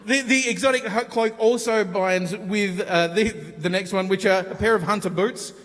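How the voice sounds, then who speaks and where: An Australian man with a fairly high voice hosts a live convention panel, full of laughs and slangy comic bits. His voice carries a long reverb from a big hall. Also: normal speed, a bit bright. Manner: jokey, laughing often, does broad Aussie slang bits. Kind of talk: comedic live panel banter.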